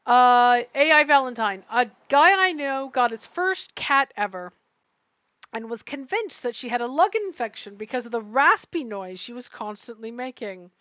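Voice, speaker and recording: A woman's voice: a little high, expressive, moderate pace, a bit bright, dry recording. A woman co-hosting a livestream, bubbly and playful in casual chat, reading viewer comments aloud. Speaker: co-host reading stories on a livestream. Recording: dry, dull lo-fi stream audio.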